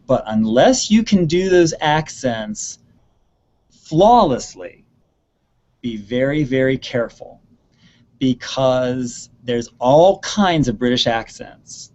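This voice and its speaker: A man's voice: mid-range voice, expressive, slow, darkish tone, muffled recording. A man giving earnest advice on stage performance in an online question-and-answer session, often repeating words for emphasis. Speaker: theater expert answering student questions. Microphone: video call.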